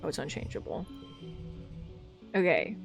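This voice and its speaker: A woman's voice: on the low side, big pitch swings, a little slow, vocal fry, over music. A woman streaming a video game, chatting casually, swearing often and reading the game's text aloud. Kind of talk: casual live-stream chat while playing.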